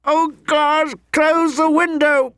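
Guy doing a sobbing noble mom, way higher than his normal voice, frantic pleading, dry close sound. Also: little pitch movement, takes it slowly, fairly bright tone, dry recording, heavily acted. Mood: frantic, weeping. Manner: high wavering cries, breaking into desperate pleas. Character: grief-stricken noble mother, frantic and pleading.

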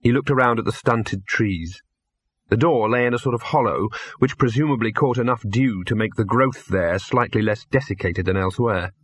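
A man narrating a comic fantasy audiobook in a measured, dry storytelling manner. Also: mid-range voice, a bit bright, slightly rough, dry recording.

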